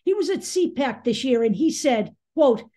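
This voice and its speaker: Brief: woman commentator, high voice, angry and sarcastic, blunt and profane delivery. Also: animated, moderate pace, dark tone. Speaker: political commentary host. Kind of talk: opinion commentary monologue.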